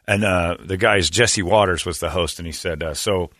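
A man's voice: sits low, moderate pace, fairly bright tone, no echo, studio quality. A man hosting a talk show, telling stories in a blunt, sarcastic way. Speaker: show host. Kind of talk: casual chat.

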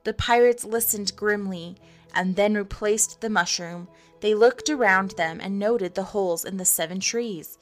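A woman narrating a storybook in an expressive, measured reading. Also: mid-range voice, faint music behind.

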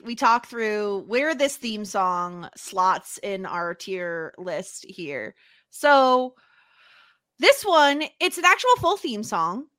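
A woman co-hosting a podcast, with a high, bright voice that swoops up and down a lot. She chats casually and giggles easily. The sound is dry and close. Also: dry recording. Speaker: podcast co-host. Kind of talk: casual chat.

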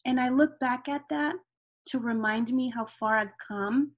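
A woman's voice: high-pitched, unhurried. A middle-aged woman talking casually as an interview guest, filling her speech with "you know" asides.

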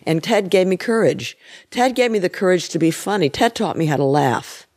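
An older woman speaking as an interview guest, reflective and frank, with soft trailing restarts. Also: fairly low pitch, lively intonation, moderate pace. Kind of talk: candid interview conversation.

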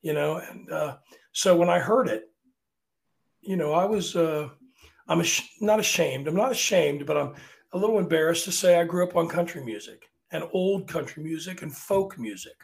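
Male opera singer from Virginia, guest in a chat interview, animated storyteller, somewhat high, gravelly speaking voice. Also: normal speed. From Virginia, USA. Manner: chatty, animated, often restarts sentences.

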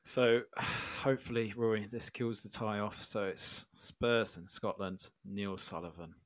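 A man with a low voice co-hosts a casual football podcast. He speaks in a calm, measured way, and the recording is dry and close. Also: dry recording. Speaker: podcast co-host.

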